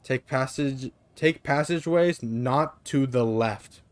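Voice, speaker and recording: A man voicing a hut-dwelling stranger who slowly recites a warning verse, while reading a gamebook aloud. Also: medium pitch, clean tone, no room sound, close to an everyday voice. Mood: solemn.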